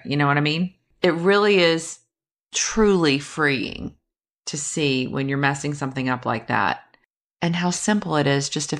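A woman, likely in her thirties, talking candidly and self-deprecatingly about a personal experience, laughing now and then. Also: deep voice. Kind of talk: reflective personal monologue.

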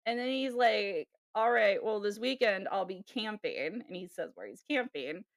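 A woman co-hosting a podcast, telling a dating story in a casual, animated way with sighs and laughs. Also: medium pitch, normal speed, dry recording, clean studio sound. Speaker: podcast co-host. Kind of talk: casual chat.

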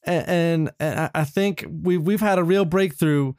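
A man playing a touchy, vain young female pop star who snaps back with quick, accusing retorts in an improvised comedy scene. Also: mid-range voice, no room sound, studio quality, natural voice. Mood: giddy.

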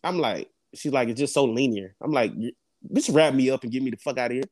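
Fast-talking and medium-pitched, a young man co-hosts a podcast and tells a story in loose, casual conversation. He laughs and swears often in an animated, profane way. The studio sound is clean, with no room sound.

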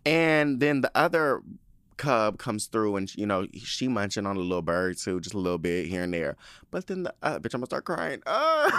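A man's voice: lowish voice, moderate pace, clear, resonant tone, no room sound. A man telling a story in a casual monologue, ranting with lots of swearing and frequent laughter. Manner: profane, animated, indignant ranting.

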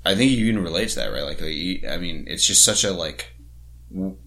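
A man with a low, deep voice chats loosely on a sports podcast. He rambles, swears freely and stumbles through a list of player names. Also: expressive, a little fast, creaky, sharp tone. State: has the hiccups. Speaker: podcast co-host. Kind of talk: casual sports podcast chat.

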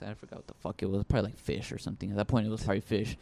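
A man's voice: lowish voice, steady tone, racing, gravelly, a little mellow. Rambling, profane young man telling a story. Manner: profane, rambling, lots of fillers and restarts. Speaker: podcast co-host. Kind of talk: casual storytelling chat.

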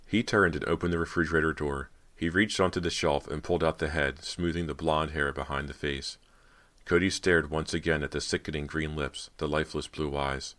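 A man reading a horror novel aloud as narrator, telling it in a measured, steady way. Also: very deep voice. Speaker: audiobook narrator.

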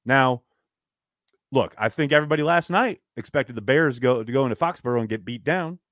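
A man's voice: mid-range voice, a little fast, fairly bright tone, dry recording, studio quality. A man hosting a podcast, reading out fan comments and answering them in a frank, downbeat, exasperated way, swearing freely. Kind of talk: casual live-stream chat.

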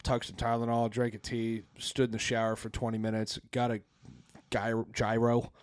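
A man's voice: medium pitch, monotone, moderate pace, no echo. A man co-hosting a podcast, telling stories in rambling, profane chat with many restarts and laughs. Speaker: podcast co-host. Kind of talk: casual podcast banter.

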